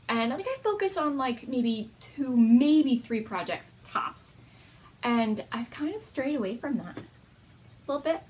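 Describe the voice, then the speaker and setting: A woman's voice: on the high side, a little mellow, slight background noise. A young woman hosting a knitting video podcast at home, chatting casually and laughing often.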